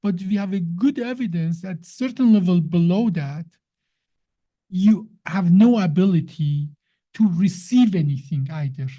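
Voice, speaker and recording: Dark-voiced woman explaining science. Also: lowish voice, measured pace, muffled recording. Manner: emphatic, teacherly, asks the listener questions. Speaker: science guest explaining the brain. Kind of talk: explanatory conversation.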